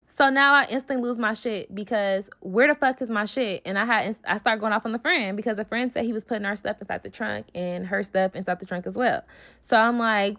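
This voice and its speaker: A woman's voice: mid-range voice, steady tone, fairly quick, a bit bright. A young adult woman telling a casual storytime, blunt and heated, with heavy swearing.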